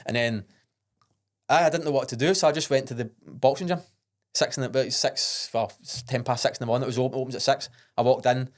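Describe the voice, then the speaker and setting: Glaswegian guy telling a story on a podcast, talks quick, swears a lot, keeps restarting himself. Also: medium pitch, steady tone. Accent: Scottish, Glaswegian. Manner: blunt, sweary and earnest, with many restarts. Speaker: podcast guest. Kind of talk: casual storytelling.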